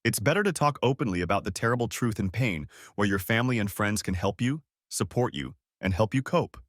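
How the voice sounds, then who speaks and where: A man's voice: on the low side, expressive, fairly quick, dry recording, studio quality. A man voicing a grieving father who has just learned of a betrayal, pained and urgent. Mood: concerned.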